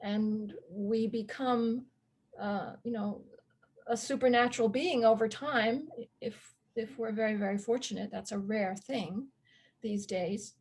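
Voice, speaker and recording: A woman guest astrologer talking thoughtfully in an interview, with soft laughs and frequent pauses. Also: a little high, fairly even intonation, breathy edge. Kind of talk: reflective interview talk.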